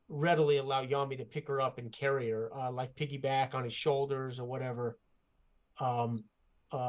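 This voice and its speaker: A man playing a tabletop game who lays out his character's actions deliberately, with many uhs. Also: mid-range voice. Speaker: player.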